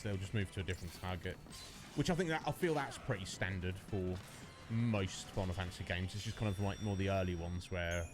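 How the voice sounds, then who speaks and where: A man casually commenting while he plays a video game on a live stream, chatty and quick to mimic the characters. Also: lowish voice. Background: game music.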